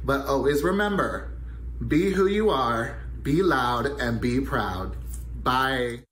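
A man's voice: mid-range voice, lively intonation, slow, fairly bright tone. Upbeat man greeting from an echoey room. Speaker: guest giving a video greeting. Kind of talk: prepared video message. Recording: echoey room, faint background noise.

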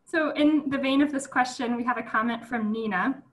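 A woman moderating a panel, reading audience questions aloud in a steady way. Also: on the high side, normal speed, poor audio.

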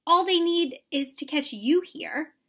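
A woman voicing a gentle, downcast male cricket in a storybook reading, soft and dejected. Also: high-pitched, a little slow, pitched above the performer's own voice. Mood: glum.

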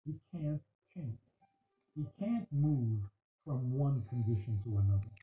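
Male religious teacher, questioning, animated delivery; echoey, phone-like audio. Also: medium pitch, a little slow, faint music behind. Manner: questioning, acts out dialogue, laughs often. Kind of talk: Torah class talk. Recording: echoey tinny phone-like recording.

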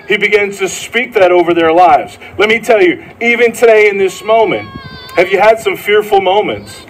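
Earnest man preaching, fairly high voice. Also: animated, moderate pace, poor audio. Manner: earnest, repeats phrases, asks the congregation questions. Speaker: pastor. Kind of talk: sermon.

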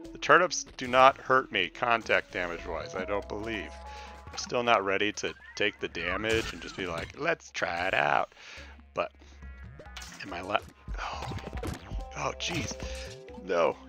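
A young man giving casual let's-play commentary, talking to the game's creatures and swinging between loud outbursts and mumbling. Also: sits low. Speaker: gameplay commentator. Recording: game music behind the voice.

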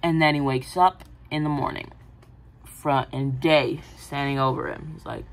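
A woman casually pitching a film idea, rambling with many fillers and giggly asides. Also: fairly even intonation, a little slow, slight background noise, poor audio. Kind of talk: casual movie-pitch chat.

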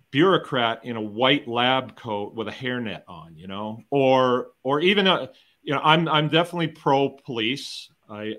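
A man's voice: mid-range voice, fairly bright tone. A middle-aged man from the United States, a farmer and educator, speaking in a round-table conversation in an emphatic, conversational way, with rhetorical questions and frequent restarts. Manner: repeats words and restarts often.

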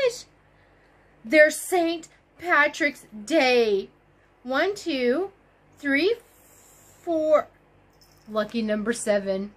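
A very high-pitched woman gushes over an unboxing, gasping and squealing with delight. Her voice leaps all over the place, and she talks slowly and unhurriedly between the squeals. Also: expressive. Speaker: crochet vlogger. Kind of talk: excited unboxing chat.

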